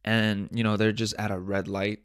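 A man's voice: on the low side, flat delivery, moderate pace, clear, resonant tone, no room sound, clean studio sound. A man hosting a solo podcast in a casual, rambling, joking way, swearing often and talking to himself. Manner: rambling, joking, frequent swearing and self-talk. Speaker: podcast host.

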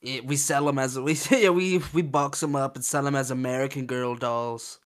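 A man's voice: mid-range voice, steady tone, moderate pace. A young man co-hosting a podcast, laughing a lot and making crude quips. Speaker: podcast co-host. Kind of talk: casual chat.

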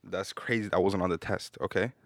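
Man, casual comedic chat, rapid talk, dry close sound. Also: low voice, gravelly, no echo. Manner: animated storytelling, bursts into laughter.

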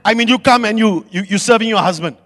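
A man preaching with a high voice, dropping low and soft, then rising loud and emphatic. His voice rings with long reverb in a large hall, with faint music behind him. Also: fast talker. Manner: swings from quiet asides to loud preaching. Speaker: pastor. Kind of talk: sermon.

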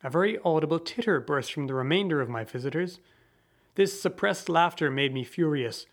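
A male narrator with a slightly raised voice reads a story aloud. His delivery is measured and theatrical, with a dramatic audiobook feel. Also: fairly high pitch, lively intonation.

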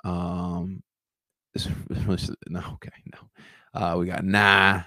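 Low-voiced man rambling about soccer. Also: level tone, takes it slowly, sharp tone, dry recording. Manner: rambling, many restarts and fillers. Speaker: host of a soccer fan show. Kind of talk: casual chat commentary.

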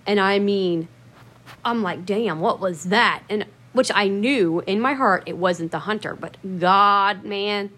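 A woman's voice: mid-range voice, a little slow, a bit bright. A woman telling a personal story in a casual, rambling way, swearing often and stressing her words for emphasis.

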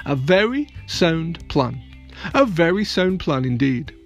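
A man's voice: a little high, big pitch swings, soft background music, pitched above the performer's own voice, heavily acted. A man voicing a polite, agreeable old lighthouse keeper in a children's storybook reading. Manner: courteous, drawn-out agreement.

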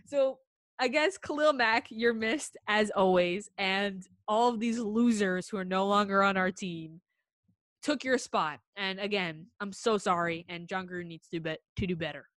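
A young woman co-hosting a casual sports podcast, talking in an animated, emotional way as a frustrated fan. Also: mid-range voice, moderate pace, no room sound, studio quality. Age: young adult. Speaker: podcast co-host.

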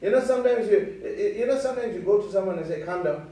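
High-voiced preacher in an echoey hall. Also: male voice, lively intonation, fast talker, warm tone, recorded from a distance. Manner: earnest, repetitive, stammering restarts. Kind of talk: sermon. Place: church hall.

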